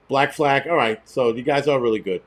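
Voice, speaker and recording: Ranting New man in his forties. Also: mid-range voice. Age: 40s. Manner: profane, ranting, mocking. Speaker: livestream host. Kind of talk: casual livestream rant.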